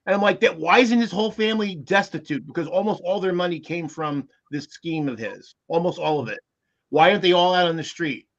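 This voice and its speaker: Emphatic man with raised pitch, dull audio. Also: brisk. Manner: emphatic, frequent restarts. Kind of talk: casual chat.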